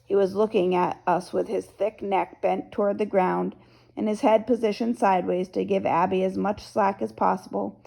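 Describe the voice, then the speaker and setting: A woman reading a novel aloud as first-person narrator, in a steady storytelling manner. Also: mid-range voice, normal speed, creaky, poor audio. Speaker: audiobook narrator.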